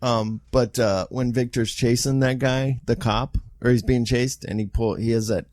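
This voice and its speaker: A man's voice: mid-range voice, steady tone, moderate pace, a little mellow, no echo, clean studio sound. A man guesting on a podcast, chatting casually and agreeably, with a lot of "yeah". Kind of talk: casual chat.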